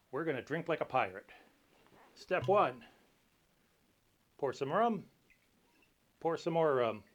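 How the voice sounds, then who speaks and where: A man hosts a casual cocktail tutorial, talking through history and recipes. His voice sits a little high. He keeps a dry, lightly joking tone. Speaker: cocktail show host.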